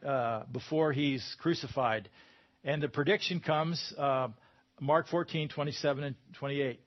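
A man's voice: mid-range voice, lo-fi sound. A man preaching a sermon in a conversational way, with emphatic bursts when he quotes scripture.

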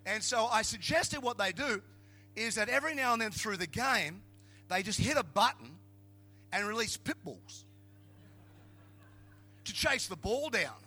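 A middle-aged Australian man preaching a humorous sermon as a pastor, telling jokey stories in an animated way and building to emphatic shouts. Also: sits high, measured pace, pauses often, husky.

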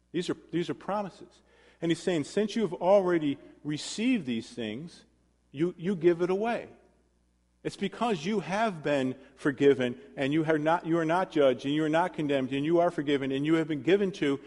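A man's voice: fairly high pitch, darkish tone. A male pastor preaching a sermon in a conversational way, with self-deprecating asides and questions to the congregation. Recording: long hall reverb.

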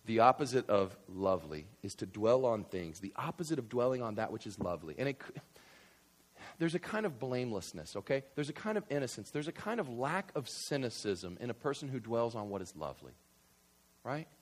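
A man's voice: mid-range voice, a little fast. A man preaching a sermon, acting out everyday small talk and repeating "right?" as he goes. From New York. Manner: animated, acts out everyday banter, rising to shouts. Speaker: pastor.

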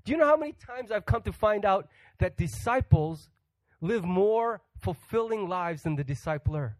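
A man preaching with a raised, bright-leaning voice, recorded close and dry with no room echo. He keeps it humorous, throwing questions at the congregation and slipping into quick acted voices. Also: high voice, lively intonation. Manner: humorous, acts out quoted voices; asks the audience questions. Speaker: guest pastor. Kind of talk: sermon.

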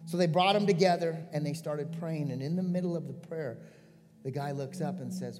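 A man's voice: a little high, brisk, long reverb tail, loud music behind the voice. A male pastor giving a sermon, telling a story earnestly and building to a pleading call to his congregation.

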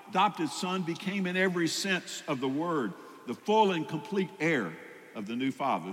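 A man's voice: medium pitch, fairly bright tone. A man preaching a sermon as pastor, conversational, with rising emphatic peaks. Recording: long hall reverb.

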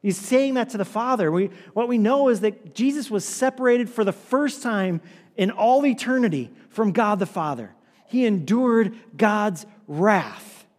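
A man preaching a sermon as pastor, earnest and repetitive, sometimes dropping his voice low and quiet for emphasis. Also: lively intonation, unhurried. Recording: long hall reverb.

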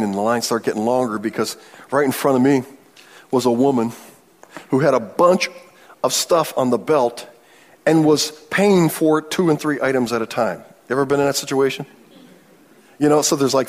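Husky-voiced male preacher. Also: mid-range voice. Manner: storytelling, animated, laughs often. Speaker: pastor. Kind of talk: sermon.

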